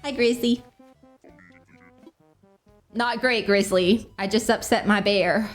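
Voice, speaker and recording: A woman's voice: a little high, slow, long pauses, faint music behind. A young woman streaming a cozy game, chatting casually, bubbly and giggly, often apologizing to her characters. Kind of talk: casual gameplay chat.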